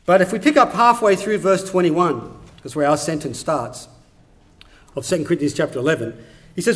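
A man's voice: a little high, a little fast, fairly bright tone. A man preaching a sermon in an earnest, conversational way that builds to emphatic urgency. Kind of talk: sermon with scripture reading.

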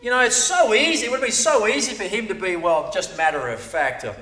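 A man's voice: sits high, a little fast, hardly any pauses, pushed and bright. A man preaching a sermon in a conversational way, often repeating words and checking in with "right?". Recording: echoey room, voice from a distance.

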